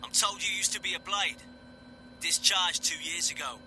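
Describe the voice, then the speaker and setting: A man voicing a blunt, cocky male soldier with a Cockney accent, talking loudly in an audiobook. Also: high-pitched, fairly even intonation, moderate pace, pitched above the performer's own voice, low-quality recording. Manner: shouting over rotor noise.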